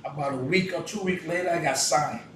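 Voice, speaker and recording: A man's voice: a little high, a little fast, distant mic. A man telling a story in an interview, acting out lines and breaking into sung hooks. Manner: animated, acts out lines and sings hooks loudly. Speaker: guest recording artist. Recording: echoey room, voice from off-mic, noisy.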